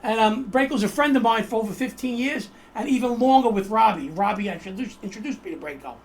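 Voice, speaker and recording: A man's voice: high voice, lively intonation, quick pace. A man hosting a casual political chat show over a video call, joking and rambling as he introduces his guest. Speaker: host.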